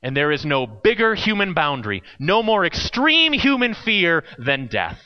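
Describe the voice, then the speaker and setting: A man preaching a sermon, telling a story with acted quotes and dramatic pauses. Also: fairly high pitch, huge pitch swings, highs cut off. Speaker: pastor.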